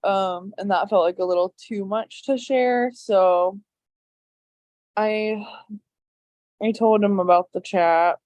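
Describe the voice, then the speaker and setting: A woman's voice: mid-range voice, fairly even intonation, slow pace, pauses often, darkish tone, dry recording. A young woman, a game contestant, talking in a hesitant confessional with many fillers. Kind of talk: casual confessional interview.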